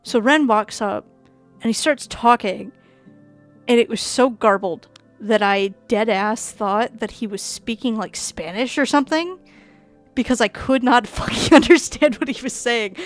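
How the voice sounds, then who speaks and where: Rambling Minnesotan woman streamer. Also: fairly high pitch. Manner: rambling, laughing, swears casually, many fillers. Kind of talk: casual live-stream chat while gaming.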